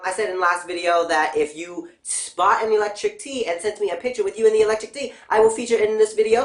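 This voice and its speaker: A young adult woman vlogging in a casual, profane, blunt rant with an animated delivery. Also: medium pitch. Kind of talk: casual ranting vlog. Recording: roomy echo.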